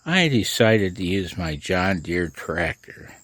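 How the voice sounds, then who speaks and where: Sleepless hobbyist vlogger, man, low and unhurried, chuckles through his stories. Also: lively intonation, a bit bright, dry recording. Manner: chuckling, rambling storyteller. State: sleepless, late at night. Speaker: amateur radio vlogger. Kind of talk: casual chat to camera.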